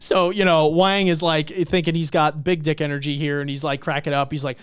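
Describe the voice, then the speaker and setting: A man on a podcast, casually recapping a webtoon and acting out the characters' lines with swearing and excitement. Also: a little high, a little fast, clear, resonant tone, no echo, studio quality. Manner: animated retelling, acts out lines, swears. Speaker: podcast co-host.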